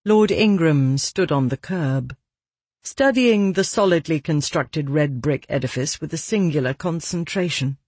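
Slow husky audiobook narrator, dry close sound, measured. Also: mid-range voice, a little mellow, dry recording. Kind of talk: scripted narration.

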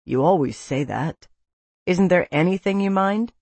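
A woman's voice: on the low side, animated, measured pace, darkish tone, slightly rough, dry recording, full character voice. Blunt, protective young man in a storybook; earnest and pushy , voiced by a woman narrator, dry close sound. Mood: wry.

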